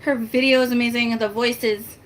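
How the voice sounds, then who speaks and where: A woman's voice: fairly high pitch, level tone, a little fast, a little hiss or hum. A young woman vlogger rambling upbeat in casual chat to her viewers.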